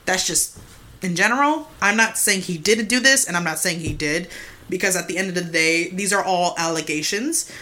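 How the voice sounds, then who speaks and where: Bright-voiced woman podcaster, loose and profane. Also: fairly low pitch, normal speed. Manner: loose and profane, full of "like" and "mind you". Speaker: podcast co-host. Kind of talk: casual true-crime storytelling chat.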